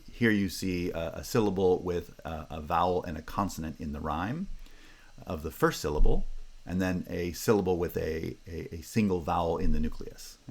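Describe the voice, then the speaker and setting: A man giving a university phonetics lecture, pausing with fillers and restarts and checking in with the class with "right?" and "okay?". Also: deep voice.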